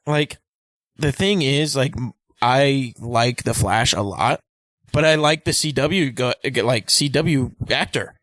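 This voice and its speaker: A man co-hosting a podcast in casual chat, swearing often and retelling scenes with quick impressions. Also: medium pitch, dry recording. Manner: animated, profane storytelling with impressions and loud laughs. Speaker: podcast co-host.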